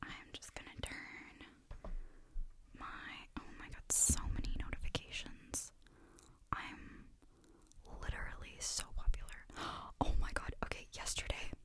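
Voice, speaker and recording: A young woman in whispered role-play, rambling in a self-deprecating way with many fillers as an ASMR host. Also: unhurried.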